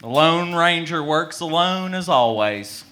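A man's voice: fairly high pitch, lively intonation, unhurried, heavy background noise. A man playing an eager, self-important masked cowboy hero in a comedy sketch. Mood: earnest. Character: vain, earnest masked cowboy hero, male.

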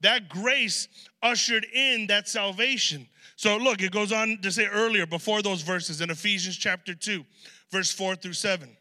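A man preaching a sermon to a gathered audience, talking conversationally and telling animated stories with asides, in a large hall. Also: sits high, moderate pace. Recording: long hall reverb.

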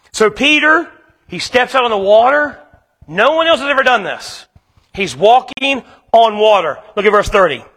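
A man's voice: very high voice, lively intonation, normal speed, fairly bright tone, long reverb tail. A male pastor preaching a sermon in a casual, conversational way, acting out little asides.

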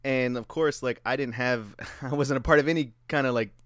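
Man, medium pitch, casual chat, loose storytelling with swearing, dry close recording. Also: fairly quick, a bit bright, no echo.

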